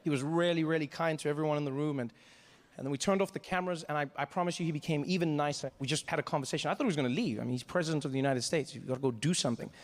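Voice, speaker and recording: A male comedian from Africa tells a story on stage. His voice is high and his delivery is quick and animated, and it shoots up even higher in the frantic moments. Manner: animated, rising to frantic high-pitched bursts. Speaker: stand-up comedian. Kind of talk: stand-up storytelling.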